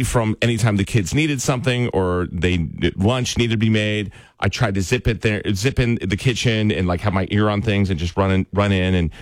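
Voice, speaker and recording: Deep-voiced man hosting radio talk. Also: no room sound, clean studio sound. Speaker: radio show host. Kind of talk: casual chat, storytelling.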